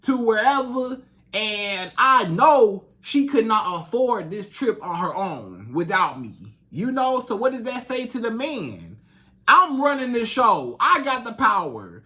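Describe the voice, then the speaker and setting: High-voiced man giving blunt advice. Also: big pitch swings, unhurried, pushed and bright. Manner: repetitive, emphatic preaching with quoted back-and-forth. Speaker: dating coach. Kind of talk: direct-to-camera relationship advice.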